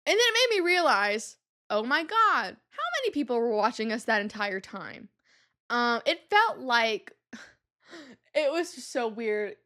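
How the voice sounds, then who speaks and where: A young woman with a high, bright-sounding voice chats through a casual podcast monologue. She talks in an animated, exasperated rush of "like" and "um" while telling personal stories. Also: measured pace. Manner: animated and exasperated, with lots of fillers like "like" and "um". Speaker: podcast host.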